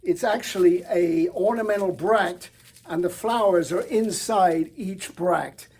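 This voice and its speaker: Middle-aged guy showing off flowers, kinda high husky voice, mellow tone, gets really into it. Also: a little slow. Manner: enthusiastic, chatty, with fillers and restarts. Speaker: florist presenter. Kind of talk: product showcase demonstration.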